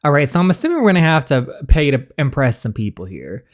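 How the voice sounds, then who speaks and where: A man's voice: on the high side, very animated, quick pace. A man giving casual, joking commentary while playing a story game as the channel host. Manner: chatty and joking, with laughs.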